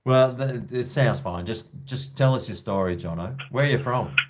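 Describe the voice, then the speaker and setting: A man's voice: medium pitch, normal speed, very noisy. An Australian man from Brisbane hosting a casual call-in show, with jokey, blokey banter. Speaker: host of a call-in livestream.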